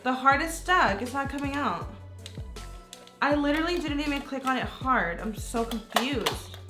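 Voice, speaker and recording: A young woman chatting excitedly in a casual beauty vlog, gasping and swearing casually. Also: high voice, moderate pace. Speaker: beauty YouTuber. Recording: echoey room, faint music behind.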